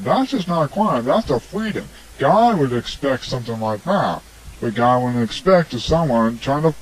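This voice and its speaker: A man's voice: medium pitch, slightly rough, poor audio. A man hosting a homemade radio show, rambling through a preachy opinion monologue full of "I mean" and "come on". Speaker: amateur radio show host. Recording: homemade hobby recording.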